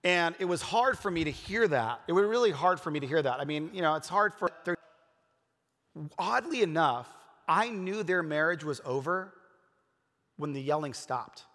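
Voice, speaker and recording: A man's voice: fairly high pitch, lively intonation, moderate pace, a bit bright. A man preaching a casual, conversational sermon, telling personal stories in an earnest way with many fillers and restarts. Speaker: pastor. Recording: long reverb of a large hall.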